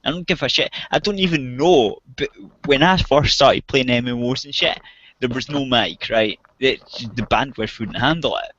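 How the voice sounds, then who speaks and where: A man's voice: mid-range voice, moderate pace, fairly bright tone, no echo. Furious, swearing man ranting. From outside the US. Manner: angry, heavy swearing, ranting. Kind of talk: casual chat. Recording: dull, dry voice-chat audio.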